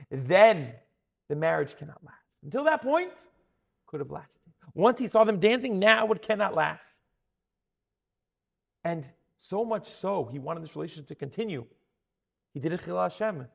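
A man giving an animated Torah sermon. He acts out the people he quotes and often restarts his words. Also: sits high, fairly quick, vocal fry, pauses often. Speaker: Torah teacher.

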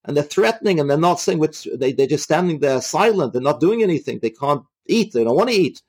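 A man retelling a religious story in a halting way, often repeating himself. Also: a little high, lively intonation, darkish tone, slightly rough.

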